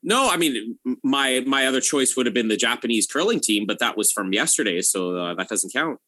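Bright, lively man with dry quips. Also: mid-range voice. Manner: dry, quick deadpan quips. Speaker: podcast co-host. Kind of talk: casual chat.

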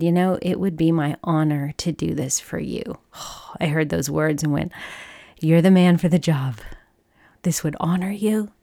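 Low-voiced woman sharing an earnest testimony. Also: darkish tone, no room sound, studio quality. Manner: earnest, emotional storytelling with quoted dialogue. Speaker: speaker sharing a personal testimony. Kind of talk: faith testimony talk.

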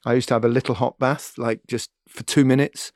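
A man's voice: medium pitch, fairly quick, no echo, clean studio sound. A middle-aged man hosting a podcast, telling a story in casual chat and laughing often. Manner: lively anecdote-teller, laughs often. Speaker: podcast host.

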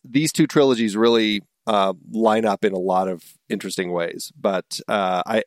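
A man's voice: fairly low pitch, no echo, studio quality. Hesitant man in casual movie chat. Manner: hesitant, restarts often, gets animated defending his view. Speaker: podcast co-host.

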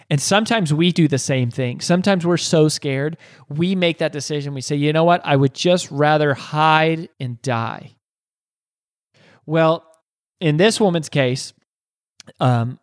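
A man's voice: on the high side, no echo, studio quality. A man hosting a podcast, telling a motivational story with repeated phrases and rhetorical questions. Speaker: podcast host.

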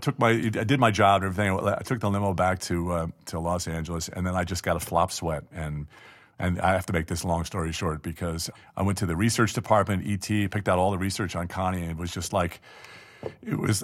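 A middle-aged man telling a long personal story in a casual interview, chatty and self-deprecating, with frequent restarts and laughs. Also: deep voice.

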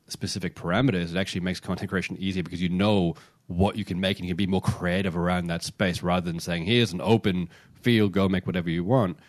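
Male podcast co-host, very low voice, close dry mic, chatty and explanatory. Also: no room sound. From Britain or Commonwealth, says niche the non-American way. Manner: explanatory, many fillers and restarts. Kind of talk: casual podcast chat.

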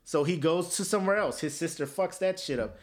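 A man's voice: fairly high pitch, brisk. A man co-hosting a podcast, telling stories in a casual comedic chat and slipping into silly voices. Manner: animated storytelling, slips into silly voices. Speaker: podcast co-host.

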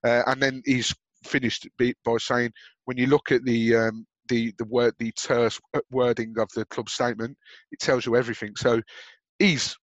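A man's voice: medium pitch, dry recording. A man with a Birmingham accent co-hosting a football podcast, chatting casually with frequent fillers and restarts. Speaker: podcast co-host.

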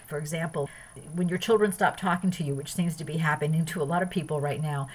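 A woman with a slightly low, husky voice hosts a self-help podcast. She talks earnestly about inner growth and piles up long lists of phrases as she goes. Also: fast talker, rough recording. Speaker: podcast host. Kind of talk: spiritual self-help talk.

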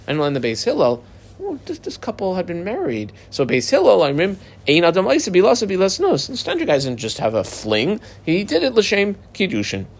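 A man teaching a Talmud page, reading the Aramaic text aloud and explaining it in casual, lively English. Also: a little high.

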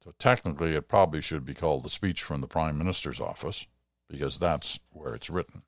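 Older guy reading out listener letters, really low voice, dry close sound. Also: fairly quick, no room sound. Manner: conversational, explanatory, occasional chuckle. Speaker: podcast host answering listener mail.

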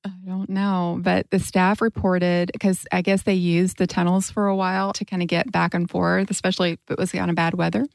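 A woman's voice: lowish voice, little pitch movement, a little fast, creaky, few pauses, dry recording. A woman co-hosting a podcast, telling a spooky story in a dramatic, teasing way. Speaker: podcast co-host. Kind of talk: casual storytelling chat.

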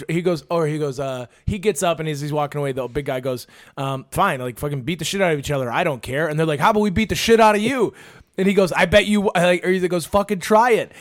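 Animated young man telling a story. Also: on the high side. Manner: animated, acts out quotes in other voices. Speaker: podcast host. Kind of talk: casual storytelling.

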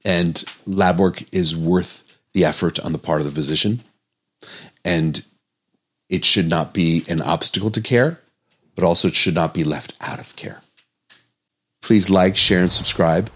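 A man's voice: low-pitched, unhurried, long pauses, fairly bright tone, husky. A man hosting his own health podcast as a doctor, speaking in an earnest, emotional, pleading monologue.

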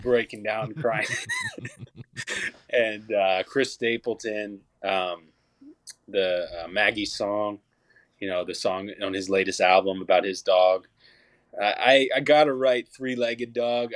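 A young man with a lowish voice talks loosely as an interview guest. He rambles, restarts his sentences and leans on fillers. The recording is dry and close, with no room sound. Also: a bit bright, no room sound. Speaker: guest songwriter and musician. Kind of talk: casual interview chat.

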